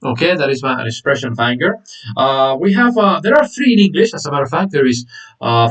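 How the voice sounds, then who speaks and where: Upbeat repetitive English teacher, mic distant. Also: male voice, a little high, very animated, fairly quick, fairly bright tone. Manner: repeats words, many "okay"s and fillers, greets viewers by name. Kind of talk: live online lesson, chatting with viewers.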